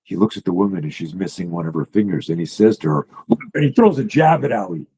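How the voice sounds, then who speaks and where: A man, a self-defense coach, explaining drills while sharing slides on a video call, blunt and profane in an animated way. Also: sits low, fast talker, gravelly, breathy edge, poor audio.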